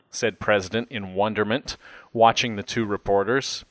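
Man, first-person audiobook narrator, wry and reflective, low voice, dry sound. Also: steady tone, normal speed, a bit bright, no echo.

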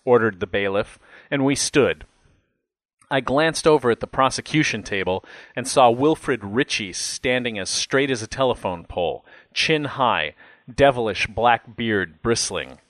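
A man's voice: medium pitch, animated, a little slow, fairly bright tone, no room sound. A man reading a first-person memoir aloud with a wry, reflective manner. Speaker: narrator. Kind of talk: first-person audiobook narration.

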